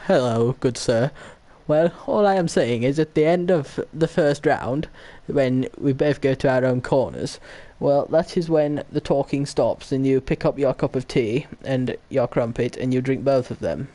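A man voicing a pompous, prim upper-class English gentleman with mock-refined, overly formal speech. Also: medium pitch, a little slow, hardly any pauses, natural voice.

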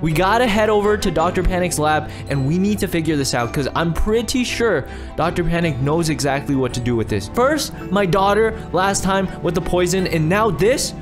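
A man's voice: sits high, expressive, moderate pace, few pauses, music in the background. A young man hosting a game roleplay, frantic and stammering, repeating himself as he acts out the scene. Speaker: roleplay host.

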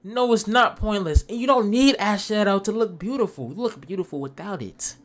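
A man playing a voice-chat game on his channel, talking loud and playful with lots of slang. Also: sits high, fairly quick, few pauses, slight background noise. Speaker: gaming YouTuber.

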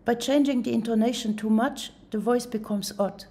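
Her slightly high but soft, mellow voice guides listeners through a music software tutorial. She narrates calmly, step by step, at a moderate pace.

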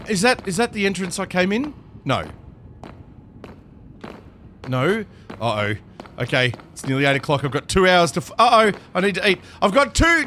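A man giving live gameplay commentary, excitable and talking to himself, often yelping and laughing. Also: high voice, slight background noise. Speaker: Minecraft streamer.

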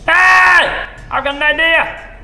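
A man voicing an excitable, slightly drunk male factory worker who blurts out his ideas in a high shout. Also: fairly quick, reverberant, exaggerated voice, rough recording. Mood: giddy.

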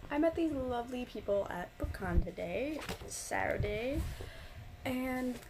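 A woman's voice: a little high, animated, moderate pace, background noise. A woman in her twenties from New York, gushing about a book in a rambling casual review with restarts and casual swearing. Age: 20s.

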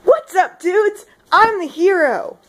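A woman voicing a brash young American man who calls himself the hero, shouting in surfer-dude slang. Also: very high-pitched, animated, slow pace, voice pushed up, full character voice. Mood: boastful.

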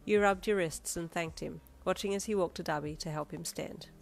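A woman narrating a second-person fanfiction story with dramatic, expressive delivery. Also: fairly low pitch, brisk, vocal fry.

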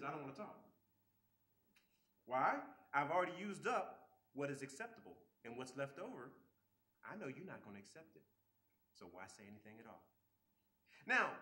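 A man giving a relationship seminar talk, animated, acting out quoted people and often repeating words as he starts sentences. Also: high-pitched, echoey room. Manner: acts out quoted people with voice shifts. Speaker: seminar speaker.

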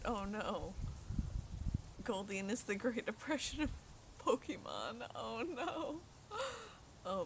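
Outdoors in the sun, a young woman live-streams on her phone, chatting casually with viewers. Her medium-pitched voice is gravelly, the background is noisy, and she tells a story, laughs often and reads the chat aloud.

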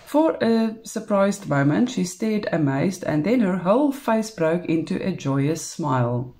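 A woman with a South African English accent, calmly reading a novel aloud, unhurried, with small slips. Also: fairly low pitch. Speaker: storybook reader.

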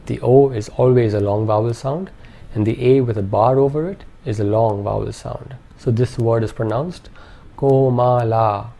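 Guy with a low gravelly mellow voice, slow careful teacher narration, spells out each syllable. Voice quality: measured, precise enunciation. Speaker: language teacher. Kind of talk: instructional narration.

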